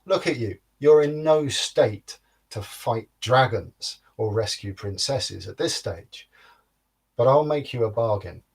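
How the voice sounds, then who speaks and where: A man's voice: mid-range voice, expressive, slow pace, creaky, a little mellow, husky, full character voice. A man playing a frank, teasing old woman who becomes a mentor in a folktale telling.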